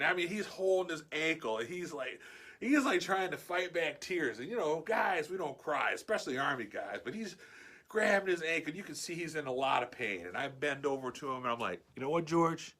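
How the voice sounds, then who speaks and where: A man casually telling a story in his vlog, animated and swearing freely. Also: a little high.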